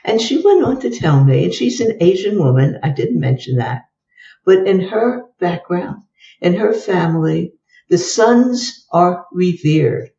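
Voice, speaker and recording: An older woman guest tells case stories and acts out both sides of each exchange in a lively way. Her voice is warm and dark. It sounds dull and roomy, as if she sat back from the microphone. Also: lowish voice, a little slow, distant mic, slight background noise. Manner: lively storyteller who acts out the dialogue. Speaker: guest psychologist. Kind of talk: telling case stories in an interview.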